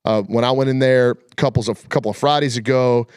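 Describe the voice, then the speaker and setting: A man hosts a casual sports talk show, spinning his points in a folksy, colloquial way. His voice sits at an ordinary middle pitch. The sound is dry and close, with no room around it. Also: steady tone, fairly quick, a little mellow, clear, resonant tone, no echo. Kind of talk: casual chat.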